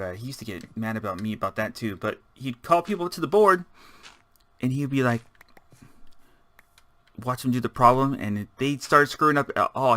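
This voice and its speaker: A man's voice: lowish voice, pushed and bright, no echo. A man giving rambling, casual let's-play commentary, chatting and muttering to himself as he builds. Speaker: gaming channel host.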